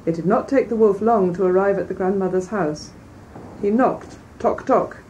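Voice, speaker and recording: Female reader-lecturer, measured and clear, mellow tone; mic set back, faint hiss behind. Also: mid-range voice. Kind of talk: storybook reading, then lecture commentary. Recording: distant mic, faint background noise.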